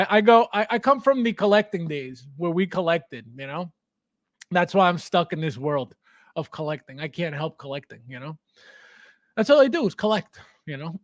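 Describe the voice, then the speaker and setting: A man hosting a casual livestream, reading viewer comments and talking in an animated way, with many repeated words and restarts. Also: fairly high pitch, no room sound. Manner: animated, repetitive, stammering restarts, laughs often. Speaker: livestream host.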